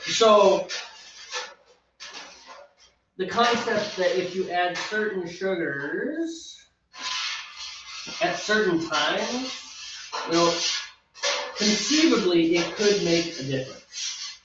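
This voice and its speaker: A man's voice: sits high, animated, slow pace, pauses often, over music. A man casually chatting and joking while brewing beer at home, rambling and trailing off mid-thought. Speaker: homebrewing video host. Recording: roomy, distant, dull and noisy home recording.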